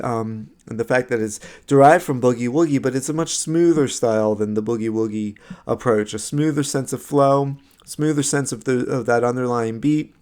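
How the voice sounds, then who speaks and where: Man, gravelly voice, lecturer, slideshow lecture, loose conversational delivery, lots of "um" and "right?". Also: medium pitch. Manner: conversational, many fillers and restarts, often asks "right?". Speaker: music history lecturer.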